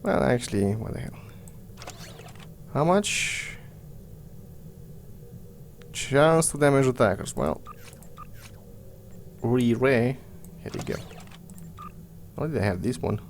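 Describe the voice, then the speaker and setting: A man's voice: mid-range voice, expressive, slow pace, gravelly, long pauses, a little hiss or hum. A man giving casual gameplay commentary, muttering to himself and cursing. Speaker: gamer. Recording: faint game music behind.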